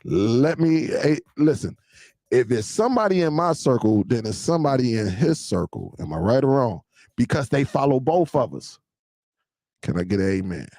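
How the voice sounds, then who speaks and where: A man's voice: medium pitch, big pitch swings, normal speed, darkish tone, no room sound. A man hosting a casual live-stream show, talking loosely to his viewers and laughing often.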